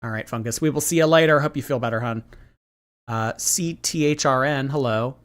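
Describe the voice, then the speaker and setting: A man hosting a livestream reads viewer messages aloud and gossips in a chatty, animated manner packed with fillers. His voice sits at a medium pitch, and he talks a little fast.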